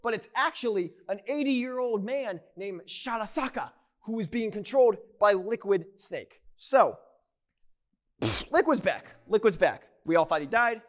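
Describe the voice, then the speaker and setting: A man's voice: high-pitched, moderate pace, hardly any pauses. A man casually recapping video game lore, rambling and joking as he corrects himself along the way. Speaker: YouTuber.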